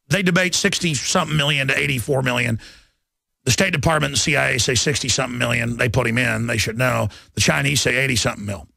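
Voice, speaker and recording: A man's voice: on the high side, vocal fry, sharp tone, no room sound. A man hosting a talk radio show, delivering an intense, combative monologue on a close studio microphone. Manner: intense and combative, mocking impressions of others.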